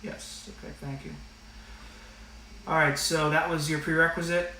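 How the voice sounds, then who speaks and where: A man's voice: a little high, level tone, normal speed, pushed and bright, slight background noise. A man teaching an online math class and going over the rules, talking in a casual, direct way with a lot of fillers. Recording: echoey room, slightly distant mic.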